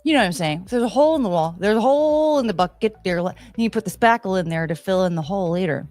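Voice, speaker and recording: A woman hosting a casual livestream from home, reading the chat aloud in a rambling, excitable way that trails off and restarts. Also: mid-range voice, quick pace, soft background music. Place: home, near her kitchen.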